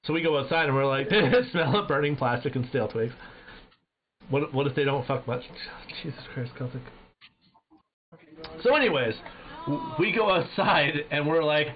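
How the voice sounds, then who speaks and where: A man streaming live, telling a profane story in a lively, animated way. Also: a little high. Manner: animated, profane, loud when acting out his own shouts. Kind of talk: casual storytelling to a live chat. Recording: dull lo-fi stream audio with faint noise.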